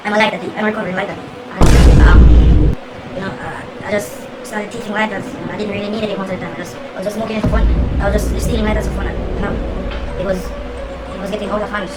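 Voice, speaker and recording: Comedy sketch: a woman as a fast-talking, stammering recovering lighter thief with a Jamaican accent. Sheepish support-group confession, no big voice. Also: mid-range voice, level tone, loud music behind the voice, natural voice, rough recording.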